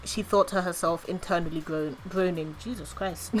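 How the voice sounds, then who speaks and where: A woman streamer reading her own story aloud with expressive storytelling narration. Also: fairly low pitch, normal speed, slight background noise, rough recording.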